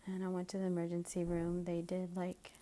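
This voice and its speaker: A young woman telling a personal story in a casual vlog, hesitant with many pauses and restarts, a little out of breath and sometimes dropping to a whisper. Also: fairly low pitch, completely flat delivery, dark tone. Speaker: vlogger.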